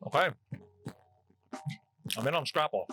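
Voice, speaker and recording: A man's voice: on the high side, expressive, measured pace, bright, forceful tone, slight background noise, rough recording. A man from New Jersey hosting a casual food-tasting vlog, chatty and wry as he jokes between bites. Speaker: host.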